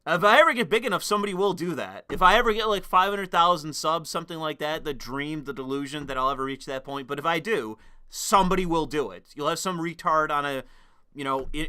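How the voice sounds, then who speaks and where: A man's voice: a little high, pushed and bright, clear, resonant tone. A young man streaming casual commentary, rambling and profane, laughing at his own remarks.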